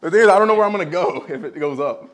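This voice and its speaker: A laid-back man joking around in a gym between heavy lifts. His pitch sits a bit high and swings freely as he talks. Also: lively intonation, racing, fairly bright tone. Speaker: athlete. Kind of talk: casual gym chat.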